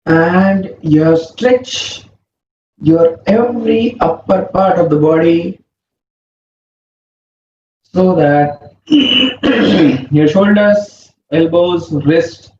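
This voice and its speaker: A man leads a yoga session, pacing each breathing cue very slowly. His voice sits high for a man and comes from some distance off the mic. The sound is roomy and a little muffled, with a faint hum underneath. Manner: slow, calm breathing cues. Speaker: yoga instructor. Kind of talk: guided yoga instruction.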